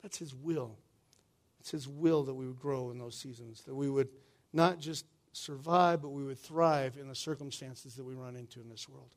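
A man's voice: medium pitch, moderate pace. A male pastor, preaching a sermon in a conversational way, often asking "right?" and calling the room "y'all".

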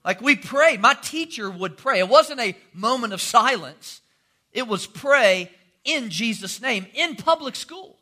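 Bright-voiced joking pastor. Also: male voice, extremely high pitch, unhurried. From North Carolina. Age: 40s. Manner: folksy joking storyteller, animated. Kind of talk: sermon.

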